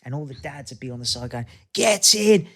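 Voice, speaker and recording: Animated Australian man in his fifties. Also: medium pitch, very fast. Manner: animated, acts out quoted voices in anecdotes. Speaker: guest. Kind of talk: casual interview chat.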